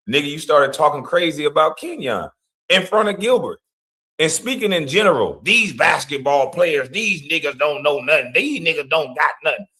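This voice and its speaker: A man's voice: medium pitch, fairly bright tone. A man giving heated, blunt commentary in a ranting, mocking way.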